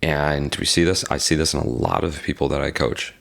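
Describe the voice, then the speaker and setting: A man's voice: a bass voice, a little fast, gravelly. A man in his forties, a podcast guest, telling a personal story in a casual interview and acting out the other people's lines. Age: 40s. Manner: animated storyteller acting out quoted dialogue. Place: lives in Reno.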